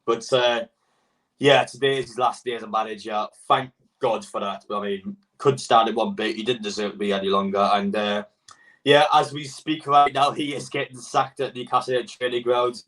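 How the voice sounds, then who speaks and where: Blunt, excitable football fan. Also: male voice, mid-range voice, normal speed, recorded from a distance, low-quality recording. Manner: blunt, excitable, swears freely, reads out chat. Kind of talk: casual live-stream reaction.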